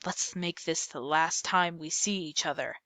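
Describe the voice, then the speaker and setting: A woman's voice: sits low, unhurried, a bit bright, dry recording. A woman doing a mean old caseworker. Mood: snarling. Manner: curt, threatening, ordering. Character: mean old female caseworker, a stern pincher.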